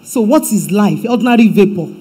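A woman pastor with a Nigerian accent preaching a sermon in church, emphatic and swinging between loud declarations and hushed asides. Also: medium pitch, animated, brisk, slightly rough, poor audio.

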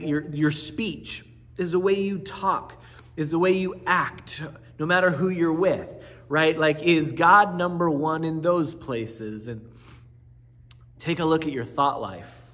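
A male pastor in his thirties delivers a conversational sermon, doubling back on his words and tossing in "right?" as he goes. His voice sits a little high, and a long church reverb trails every line. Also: fairly bright tone. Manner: conversational preaching, frequent restarts and "right?" asides. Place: church sanctuary.

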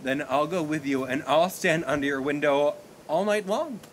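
A brooding young playwright, bitter and lovesick, who speaks with intensity, as a man plays him on an open-air stage. His voice sits fairly high for a man. Faint outdoor ambience drifts behind him. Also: normal speed, a little hiss or hum, natural voice. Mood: pleading. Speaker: stage actor. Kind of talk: outdoor stage play performance.

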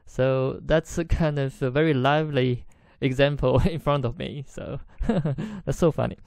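A man's voice: mid-range voice, fairly even intonation, moderate pace, vocal fry, darkish tone, no echo. A man whose first language is Chinese teaches a podcast language lesson, explaining patiently, repeating phrases and chuckling now and then.

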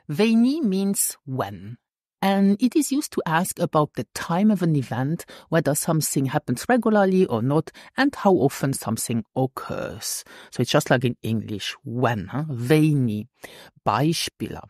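A woman teaching a language lesson in a patient, deliberate way, often checking in with the listener. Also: sits low, expressive, a little mellow, dry recording, studio quality. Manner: patient, slow and deliberate, checks in with "hmm?" and "okay?".

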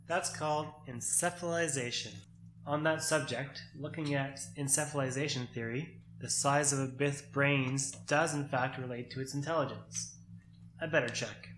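A man co-hosting a casual chat over a card game, explaining things at length with nerdy excitement. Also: mid-range voice, normal speed, roomy sound, slight background noise, rough recording. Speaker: podcast co-host.

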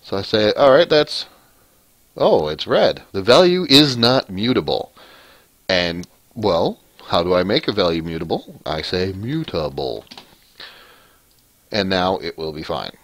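A man with a low voice hosts a casual programming tutorial, thinking aloud as he works. He rambles, restarts his sentences and corrects himself. He is recorded dry and close, with keyboard typing heard behind him. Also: very animated, unhurried, no echo. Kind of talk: casual screencast coding lesson.

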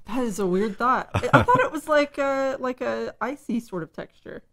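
A woman's voice: on the high side, animated, normal speed, fairly bright tone. Rambling woman in casual chat. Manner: rambling, lots of "like" fillers. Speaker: tech news co-host.

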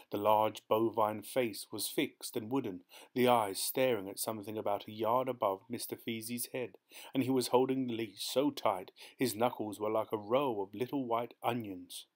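Male audiobook narrator, measured storytelling. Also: mid-range voice.

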